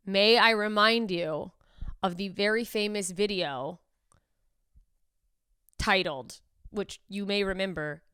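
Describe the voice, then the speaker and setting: A woman's voice: medium pitch, measured pace, long pauses, smooth, dry recording. A woman comedian hosting a podcast in casual, incredulous chat, riffing and swearing freely into a close mic. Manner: animated, profane, incredulous riffing.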